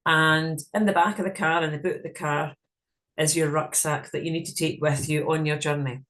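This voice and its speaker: A woman's voice: sits low, steady tone, normal speed, fairly bright tone. A woman leading a guided visualization in a frank, casual way, swearing freely as she talks. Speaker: meditation guide.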